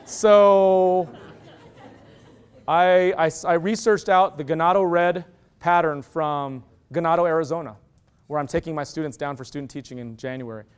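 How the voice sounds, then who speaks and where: A middle-aged man giving an animated storytelling lecture, acting out quoted dialogue. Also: on the high side, moderate pace, clean tone. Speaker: university lecturer.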